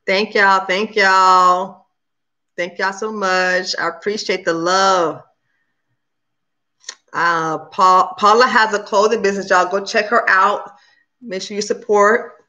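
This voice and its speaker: Fast-talking bright-voiced woman host. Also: medium pitch, fairly even intonation. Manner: talks very fast; chatty and upbeat, addresses viewers as "y'all". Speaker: cooking channel host on a livestream. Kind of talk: casual chat with live viewers.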